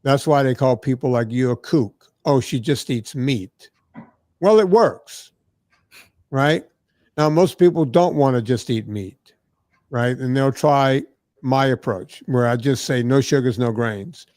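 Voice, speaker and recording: A man's voice: mid-range voice, measured pace, no echo, clean studio sound. A man who is a diet and fitness guest, telling stories casually and acting out the people he quotes, often ending lines with "right?". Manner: animated, acts out quoted people, frequent "right?" tags. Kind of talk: casual conversational storytelling.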